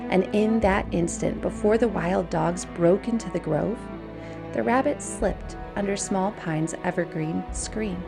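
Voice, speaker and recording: Slow, gravelly woman reading a storybook. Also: medium pitch, music in the background. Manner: gentle, unhurried read-aloud with soft hushed passages.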